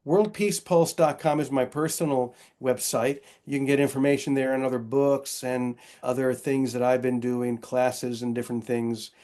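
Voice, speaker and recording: A man speaking as a podcast guest in an earnest, reflective tone, with a mid-range pitch. He often restarts his phrases mid-thought as he explains things. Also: fairly even intonation, normal speed, hardly any pauses, warm tone. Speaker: guest, author and Episcopal priest. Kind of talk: casual interview conversation.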